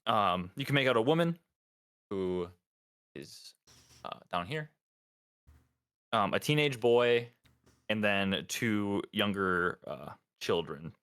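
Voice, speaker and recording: A man's voice: on the low side, animated, slow pace, pauses often, a bit bright, clean tone. A man narrating as dungeon master for a tabletop game, hesitant and full of ums. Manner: hesitant, lots of ums, voices characters in passing.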